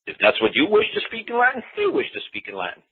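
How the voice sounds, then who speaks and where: A man's voice: high-pitched, wildly swooping pitch, fast talker, husky. A man giving a casual, folksy talk on common law. He repeats himself and acts out quoted exchanges. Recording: tinny phone-line audio.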